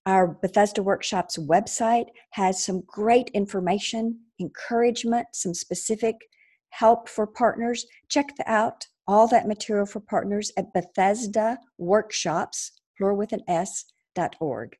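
A woman counselor talks in a gentle, reassuring way on a recovery podcast. Her voice is mellow and slightly breathy. She often repeats or restarts words as she speaks. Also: medium pitch, measured pace.

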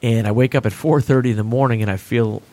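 A man, a stand-up comedian, telling stories in a casual interview, lively and jokey, acting out voices and laughing often. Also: medium pitch, fast. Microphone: studio microphone and headphones.

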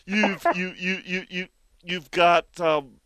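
A man with a drawl who chats in a high voice, animated and quick to laugh, stumbling over repeated words. The sound is dry and close. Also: clear, resonant tone, dry recording. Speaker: radio fishing show host. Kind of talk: casual chat.

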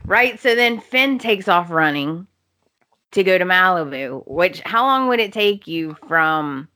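A woman's voice: lowish voice, expressive, unhurried, pushed and bright. A woman co-hosting a podcast, animatedly recapping soap opera scenes, laughing often and acting out characters' lines. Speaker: podcast co-host.

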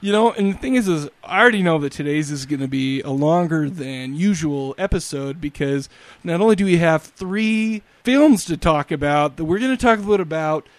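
A man's voice: fairly high pitch, expressive, moderate pace, no room sound. A married man hosting a podcast, rambling and self-deprecating in casual chat. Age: adult, married. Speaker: podcast host.

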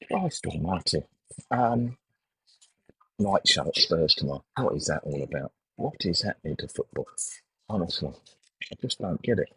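A man's voice: mid-range voice, sing-song, moderate pace, gravelly, fairly bright tone, husky, no room sound, recorded from a distance, rough recording. A middle-aged man hosting a sports betting podcast, ranting bluntly and swearing in exasperation. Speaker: podcast host.

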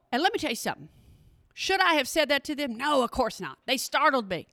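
A woman hosting a podcast, telling stories in an animated, casual way and talking straight to her listeners. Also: sits high, fast talker, dry recording, studio quality. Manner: animated, talks to listeners directly, exclamations. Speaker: podcast host. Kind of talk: casual storytelling monologue.

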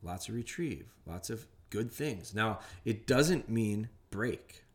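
Man, middle-aged, podcast host, low-ish voice, plainspoken, rambling instructional chat. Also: lively intonation, slow pace. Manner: rambling, plainspoken, restarts often. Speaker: podcast host and dog trainer. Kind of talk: casual instructional talk.

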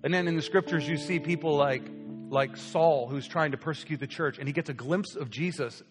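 Animated young man preaching in a hall. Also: a little high, fairly quick. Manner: animated storyteller acting out quoted voices. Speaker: pastor. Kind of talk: sermon with personal story. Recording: long hall reverb with soft guitar.

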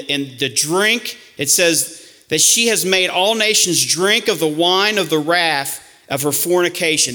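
A man preaching a sermon to his church, alternating emphatic warnings with hushed, slower asides. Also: on the high side. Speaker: pastor.

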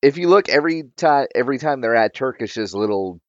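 A man's voice: mid-range voice, animated, fairly quick, no room sound. Amused man on a muffled mic. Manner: amused, laughs while talking. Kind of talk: casual film discussion.

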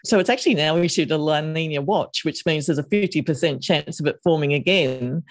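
A woman, a deputy editor, giving a brisk, slightly halting news briefing on a podcast. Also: sits low.

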